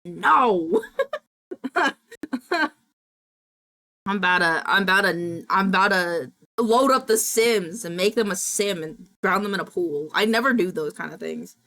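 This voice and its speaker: A woman's voice: lowish voice, normal speed. A young adult woman streamer chatting casually on a live stream from home. She rants indignantly and swears freely. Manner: indignant, swearing, animated ranting.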